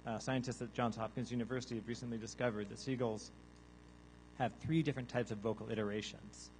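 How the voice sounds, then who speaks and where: A man giving a deadpan mock science lecture to a live audience, now and then breaking into loud seagull caws and zombie groans. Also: mid-range voice, quick pace, slight background noise, low-quality recording. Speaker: guest artist presenting research. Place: large hall with a live audience.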